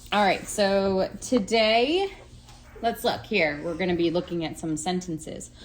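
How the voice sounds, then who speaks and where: A woman's voice: fairly low pitch, measured pace. A young woman teaching her child at home, patient and full of praise, now and then talking to the viewers. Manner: encouraging, patient, lots of praise. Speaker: homeschooling mother. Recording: faint background noise.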